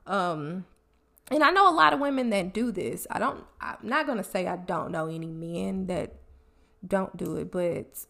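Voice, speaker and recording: A woman's voice: fairly low pitch, normal speed, creaky, a bit bright. A woman hosting a solo podcast, talking casually and chattily as she gives communication tips and admits her own habits. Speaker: podcast host. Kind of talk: solo podcast advice talk.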